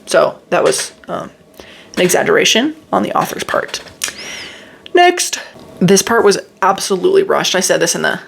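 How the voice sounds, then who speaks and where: A woman's voice: lowish voice, sing-song, normal speed, creaky, a little hiss or hum. A woman reviewing a book in a casual, sarcastic and exasperated way, reading quotes aloud and picking them apart.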